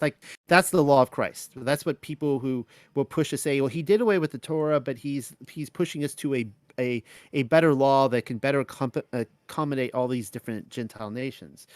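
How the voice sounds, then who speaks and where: A man's voice: medium pitch, no echo. Rambling man teaching a dry Bible study. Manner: rambling, with many restarts and fillers. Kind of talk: casual spoken Bible study talk.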